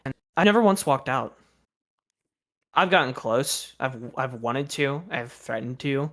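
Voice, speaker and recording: A man's voice: mid-range voice, expressive, measured pace, a bit bright. Young man ranting casually about work. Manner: aggrieved, swearing, exasperated. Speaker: streamer. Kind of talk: casual storytelling rant.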